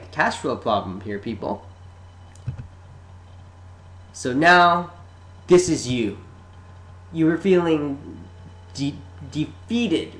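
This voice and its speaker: Sarcastic man pitching to the listener. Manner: sarcastic, chatty, addresses the listener directly. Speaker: marketing presenter. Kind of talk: sales-pitch narration. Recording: roomy echo.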